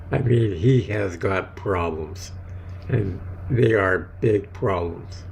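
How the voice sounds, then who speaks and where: A man commenting in a disapproving, drawn-out way. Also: deep voice, vocal fry, darkish tone, slight background noise.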